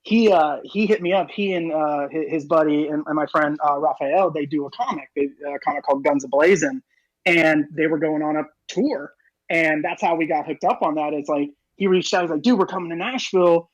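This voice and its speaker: A man talking fast and rambling with lots of fillers in casual podcast chat. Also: a little high, fairly even intonation, no echo, dull audio. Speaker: podcast co-host.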